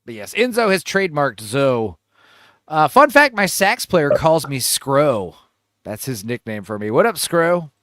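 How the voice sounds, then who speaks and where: Crude, rambling man with a lively voice. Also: mid-range voice, measured pace, no room sound, clean studio sound. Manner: crude, rambling, joking storyteller. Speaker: livestream host. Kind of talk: casual livestream chat.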